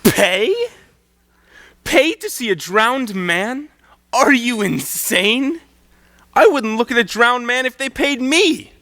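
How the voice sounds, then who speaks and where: An exasperated proper gentleman, played by a teenage boy, reacts with huffy incredulity. The voice is high, swooping and bright. The lines are performed on a school stage and sound dry and close. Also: animated, slow, dry recording, exaggerated voice. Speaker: student stage actor. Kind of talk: live school stage play.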